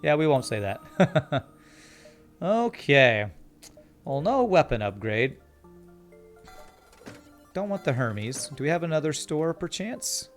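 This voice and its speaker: A man's voice: a little high, very animated, takes it slowly, long pauses, faint music behind. A man from Canada streaming a video game, reading chat and playing up an overly polite, apologetic manner. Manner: mock-polite, cheery and apologetic.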